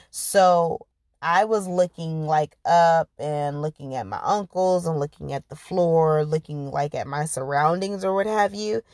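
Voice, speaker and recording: A woman's voice: sits low, darkish tone, no echo, studio quality. A woman earnestly recounting a painful personal experience in a conversational way, with many filler words. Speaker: podcast host. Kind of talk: personal storytelling.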